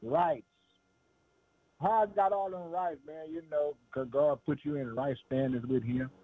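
A man's voice: on the high side, fairly even intonation, unhurried. A man preaching a sermon with fervent, call-out phrasing and frequent laughs. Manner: fervent, calls "boy" and "man", laughs between lines. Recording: tinny phone-like radio sound.

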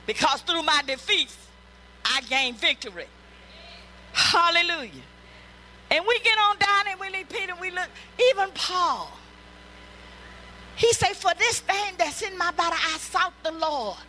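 A woman's voice: extremely high pitch, lively intonation, a little slow, long pauses, bright, forceful tone, slight background noise, rough recording. A woman pastor delivering a sermon, emphatic and repetitive, breaking into calls of praise.

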